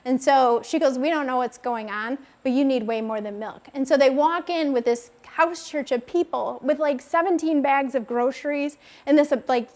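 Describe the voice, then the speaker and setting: A woman in her thirties telling a personal faith testimony, with lively storytelling, lots of filler words and acted-out quotes. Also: high voice. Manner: animated storytelling, acts out quoted voices, many fillers of "like". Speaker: speaker sharing a faith testimony.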